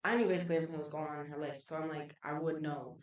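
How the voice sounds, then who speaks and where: A woman with a fairly low voice tells a night-out story, swearing freely and acting out each exchange. The mic sits back from her, so the sound is distant and roomy. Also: racing. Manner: animated, profane, filler-heavy, acts out dialogue. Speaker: podcast guest, club promoter. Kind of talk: casual storytelling.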